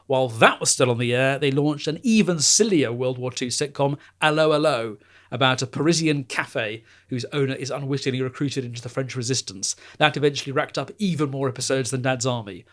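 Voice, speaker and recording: A British man hosting a podcast, explaining in a casual, informative way with many fillers. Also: mid-range voice. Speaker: podcast host.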